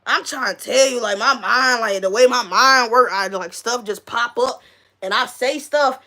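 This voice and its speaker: A woman hosting a casual livestream, reading chat comments aloud in slangy, animated talk and laughing often. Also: fairly high pitch, normal speed. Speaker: livestream host; school staff member.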